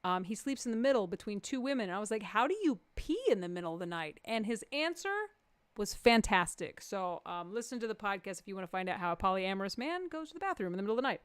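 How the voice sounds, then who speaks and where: Woman comic hosting a live show, goofy and playful, smooth kinda high voice, super dry sound. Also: quick pace, no room sound. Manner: playful, bursts into high excited quotes. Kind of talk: live comedy stream banter.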